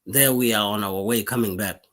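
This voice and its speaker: A man's voice: lowish voice, steady tone, moderate pace, fairly bright tone. A middle-aged man from South Sudan with a South Sudanese accent, speaking as a war veteran to his followers in a live social media monologue. He talks earnestly and emphatically, often repeating words and restarting his sentences.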